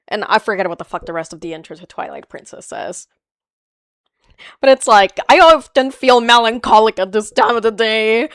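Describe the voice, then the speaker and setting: High-voiced, animated woman streamer. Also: clean tone, no room sound, clean studio sound. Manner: animated, swearing, quick laughs, playful banter. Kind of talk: casual live-stream chat reading viewer comments.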